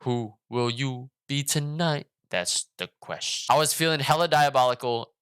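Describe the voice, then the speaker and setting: A man tells a casual storytime on his vlog in a slangy, animated delivery that is full of swearing and asides. His voice is bright and forward, and he sits right on the mic in a dry, close sound. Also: medium pitch, smooth, no echo. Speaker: vlogger.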